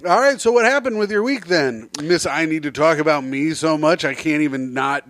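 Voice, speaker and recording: A man's voice: fairly high pitch, moderate pace, a bit bright. A man co-hosting a podcast, mocking his co-host with crude jokes and laughing at them himself. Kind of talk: casual crude banter.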